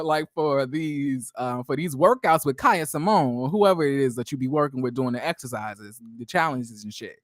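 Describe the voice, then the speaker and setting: A man's voice: on the high side, moderate pace, few pauses, no echo, studio quality. Sassy, chatty man recapping reality TV. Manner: chatty, animated, drifts into asides to viewers; sassy, slangy, addresses viewers as y'all. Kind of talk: casual recap and commentary.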